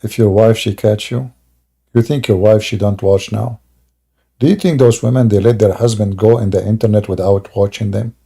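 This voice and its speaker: Gravelly, taunting male stream host. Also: lowish voice, moderate pace. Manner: sarcastic, taunting, swings into loud exclamations; broken English grammar. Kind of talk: mocking live-stream commentary.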